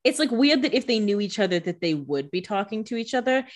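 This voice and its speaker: A woman chats and reacts with plenty of excitement, her pitch swooping up and down as she talks. She sits in the middle of the usual range for a woman and keeps things loose and informal. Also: fast. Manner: chatty and excitable, fillers like "like" and "you know". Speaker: podcast co-host. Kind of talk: casual chat.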